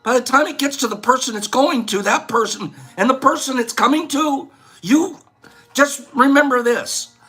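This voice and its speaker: A man's voice: extremely high pitch, moderate pace, sharp tone, husky, soft background music. A man hosting a casual vlog, rambling and lecturing as he talks. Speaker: host.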